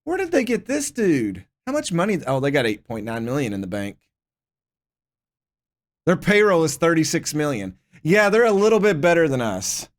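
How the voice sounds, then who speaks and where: A man with a voice on the high side and huge pitch swings talks at normal speed. He casually streams a football management game, reading out the game's prompts and reacting to each.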